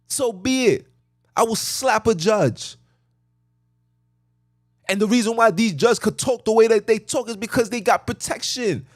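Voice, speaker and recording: A man's voice: sits high, unhurried, pauses often, no echo, studio quality. An agitated man ranting fervently from a car, preachy and repetitive as he hammers his points. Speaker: podcast host. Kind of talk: impassioned rant.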